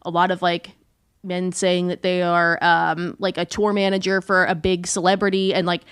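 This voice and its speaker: A woman's voice: on the low side, moderate pace, clean tone, dry recording, clean studio sound. A young woman co-hosting a podcast, chatting casually with lots of "like" and some swearing. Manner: chatty, swearing, animated storytelling. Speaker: podcast co-host. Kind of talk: casual chat.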